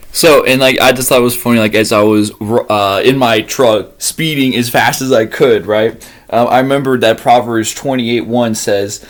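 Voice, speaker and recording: A man's voice: medium pitch, a little slow, soft background music. A young man telling a story casually, acting out his own gasps and panicked cries. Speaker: vlogger.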